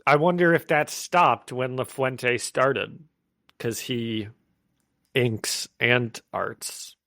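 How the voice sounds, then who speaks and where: Animated man co-hosting a podcast. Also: medium pitch, drawn-out words, vocal fry, dry recording, studio quality. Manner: animated, rambling, laughs often. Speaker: podcast co-host. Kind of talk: casual comic book podcast chat.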